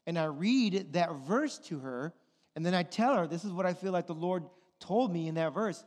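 A man with a high voice preaches a sermon in an animated storytelling style, acting out the people in his story. His voice rings with a long reverb, as in a large hall. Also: normal speed. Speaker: pastor.

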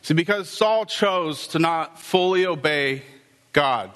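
A male pastor preaching a sermon, telling the story with lively, acted-out dialogue. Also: fairly high pitch, slow, clean tone, in a large hall.

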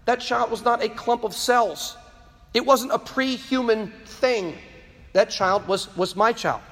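Male speaker, high voice, fervent preaching delivery, stammering repeats for emphasis, long hall echo; addressing students. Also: measured pace, a bit bright. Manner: impassioned, repeats words when stressing a point. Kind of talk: preaching-style talk to a live audience.

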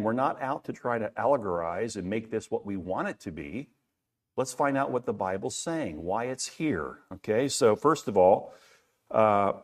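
A middle-aged man preaching a sermon in a conversational way, asking rhetorical questions and often repeating words. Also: mid-range voice. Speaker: pastor.

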